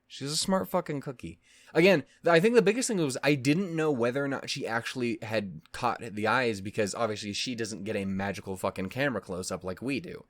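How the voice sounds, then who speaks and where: A man's voice: medium pitch, no room sound, clean studio sound. Man gushing in a swearing reaction rant. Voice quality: voice actor's expressive delivery. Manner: emotional, heavy swearing, rambling restarts. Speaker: reaction video host. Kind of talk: casual reaction commentary.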